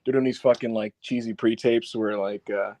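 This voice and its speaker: A man co-hosting a casual podcast, animated and laughing, often acting out quotes, on a close mic. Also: lowish voice, normal speed, dry recording. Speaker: podcast co-host. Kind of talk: casual chat.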